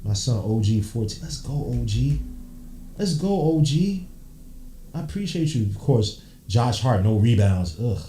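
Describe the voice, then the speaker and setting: A man's voice: mid-range voice, big pitch swings, measured pace, recorded from a distance. Hyped New man calling a game. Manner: swings from muttering to hyped shouting, slangy. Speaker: podcast host doing live game commentary. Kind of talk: excited watch-along play-by-play. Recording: roomy echo.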